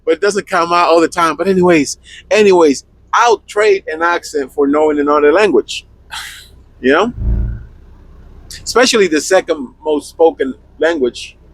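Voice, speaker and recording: A man's voice: on the high side, normal speed, no echo, rough recording. A young man with a Spanish accent co-hosting a trucking podcast in a laid-back, joking chat, swearing freely. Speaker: podcast co-host, truck driver. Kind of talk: casual chat.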